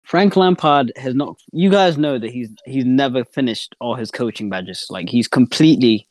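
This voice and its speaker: A man's voice: mid-range voice, normal speed, dry recording. A man in a casual football chat, talking in a blunt, mocking, lecturing way. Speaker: podcast co-host.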